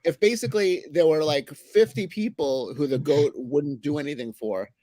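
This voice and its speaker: A man's voice: a little high, moderate pace, warm tone, no echo. A man chatting casually on a livestream, meandering and hesitant with many fillers. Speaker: co-host, writer.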